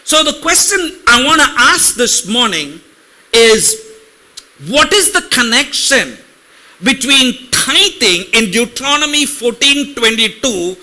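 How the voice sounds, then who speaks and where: A man preaches to his congregation in a very high, strikingly bright voice. He keeps asking the people in front of him questions and slows right down to sound out Hebrew words. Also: big pitch swings. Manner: talks directly to congregation with questions; reads Hebrew words slowly. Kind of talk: sermon teaching.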